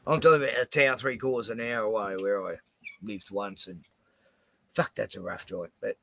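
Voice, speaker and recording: A man with an Australian accent, hosting and telling rough stories in casual chat, swearing a lot. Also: on the low side, moderate pace, slight background noise. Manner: swears heavily, animated rants. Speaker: host. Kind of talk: profane casual storytelling.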